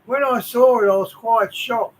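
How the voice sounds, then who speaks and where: A man with a high, light voice who drops loud, casual comments into the talk. A faint hiss sits under the recording. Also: normal speed.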